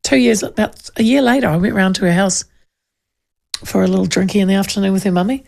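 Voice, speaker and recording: A woman's voice: mid-range voice, quick pace, creaky. A woman radio host with a New Zealand accent, chatting and telling funny family stories, acting out the voices. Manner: animated storyteller, acts out voices. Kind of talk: casual chat and anecdote.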